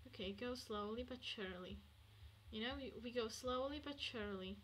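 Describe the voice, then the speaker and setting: A woman streaming a game, chatting to herself and swinging between hushed murmurs and excited outbursts. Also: fairly high pitch, moderate pace, a little hiss or hum. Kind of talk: casual gameplay commentary.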